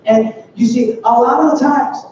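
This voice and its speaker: A young man giving a youth sermon in a church, telling a story in an animated way with playful acted quotes. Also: extremely high pitch, moderate pace, slight background noise. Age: young adult. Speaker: youth speaker. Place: church sanctuary. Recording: dull, distant, roomy church sound.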